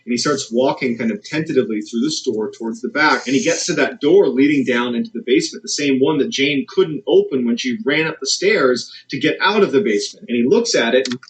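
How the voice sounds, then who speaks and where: A man's voice: a little fast, hardly any pauses, poor audio. A man narrating a dramatic true scary story, building suspense as he goes. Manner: suspenseful, builds tension with rising pitch.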